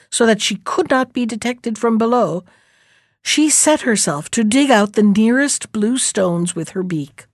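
A woman reading a fairy tale aloud, steady and measured. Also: a little high, no echo, clean studio sound. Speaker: storyteller.

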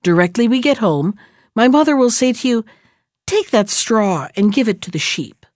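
An earnest, eager little boy in a storybook tale, voiced by a woman reader. The delivery is close and dry, with lively rises and falls in pitch. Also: normal speed, no room sound, close to an everyday voice. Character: clever, brave little boy.

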